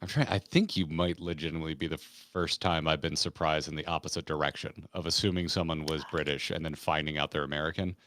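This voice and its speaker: A man hosting a casual roundtable chat, rambling excitedly about a show he watched. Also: a bass voice, fast, few pauses, dry recording. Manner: rambling, restarts often, excitable fan talk.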